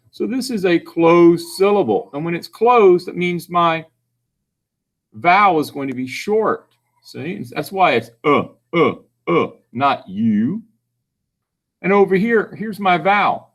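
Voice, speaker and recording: A man giving a phonics lesson to children, patiently sounding out words syllable by syllable. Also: high voice. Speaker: reading tutor.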